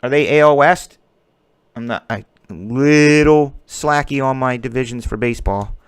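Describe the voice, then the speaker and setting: A man's voice: medium pitch, normal speed, smooth, no echo, clean studio sound. A man hosting a card-breaking stream, chatting casually and joking as he calls out player names while opening packs.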